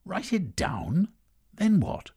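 A man voicing a pompous, blustering old lord who tacks "what?" onto his sentences, in a raised, husky voice. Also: medium pitch, huge pitch swings, unhurried, a little mellow, voice pushed up, exaggerated voice.

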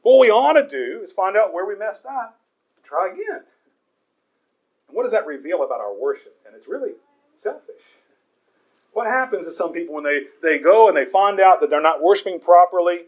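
A man's voice: high-pitched, sing-song, brisk, long pauses, lo-fi sound. A man preaching a conversational Bible sermon in an earnest way, often stumbling over repeated words.

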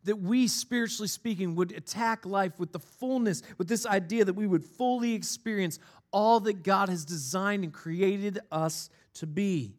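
High-voiced man preaching a relaxed sermon. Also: moderate pace. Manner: conversational preaching with personal stories and playful asides. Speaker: pastor.

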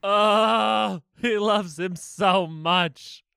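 Slow, bright-voiced man chatting. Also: sits high, steady tone, vocal fry, smooth, dry recording, studio quality. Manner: laughing, playful, quotes lines in exaggerated voices. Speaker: podcast co-host. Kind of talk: casual film-review chat.

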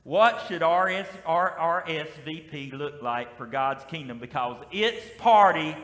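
High-voiced Southern preacher in echoing hall. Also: male voice, unhurried. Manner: lively call-and-response preaching. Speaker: pastor. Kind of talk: sermon. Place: church sanctuary. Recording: echoey hall with long reverb.

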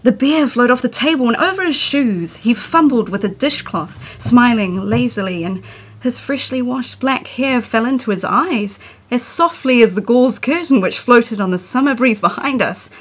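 A woman poet reading her own poem in a measured, expressive way. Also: on the high side, breathy edge. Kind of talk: poetry reading.

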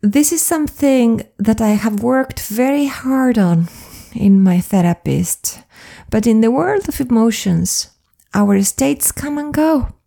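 A woman flow coach speaking in an earnest, confiding, soft-spoken personal monologue. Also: a little high, slow, vocal fry.

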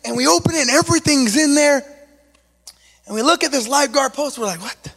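A man preaching a sermon with an East Los Angeles accent and a strikingly high voice. He tells an animated story, acts out the quotes and fills his talk with casual asides. His voice rings out with a long reverb around it. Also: brisk, vocal fry.

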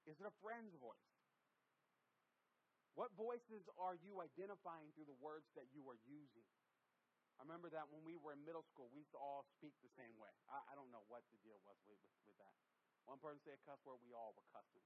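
A man in his thirties from the US West Coast preaches to a congregation in a fairly high voice. His delivery is animated and jokey, full of repeats and restarts. The recording sounds dull and lo-fi. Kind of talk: sermon. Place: church hall with congregation.

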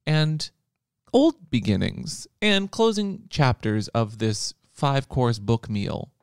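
A man's voice: medium pitch, expressive, slow pace, a little mellow, smooth, no room sound, studio quality. A man hosting a podcast in casual chat, playful and teasing, rambling with restarts. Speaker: podcast host.

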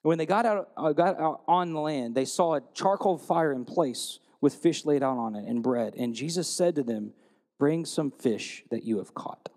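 A man preaching a sermon, telling stories and retelling scripture in a lively storytelling way. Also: fairly high pitch, moderate pace, hardly any pauses, long reverb tail. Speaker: pastor.

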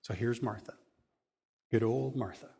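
Guy preaching, reads scripture then chats about it, mid-pitched voice, laid-back asides. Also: measured pace, creaky, dark tone, slightly rough. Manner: conversational, chuckling asides. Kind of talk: sermon reading scripture with commentary.

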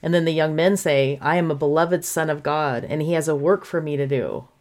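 A woman guest on a gospel discussion podcast, speaking in a warm, heartfelt, admiring way. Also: deep voice, brisk.

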